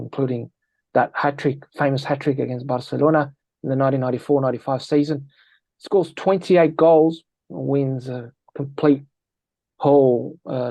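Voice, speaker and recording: A man on an interview, a football analyst, telling lively anecdotes and acting out quoted lines. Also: medium pitch, gravelly, no echo. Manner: energetic, tells anecdotes with quoted dialogue. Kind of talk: animated storytelling interview.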